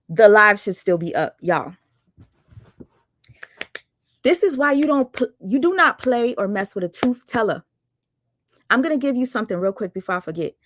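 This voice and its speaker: A woman's voice: mid-range voice, a bit bright, no echo. A woman hosting her livestream, calling someone out in a blunt, sarcastic, fired-up casual rant. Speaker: livestream host.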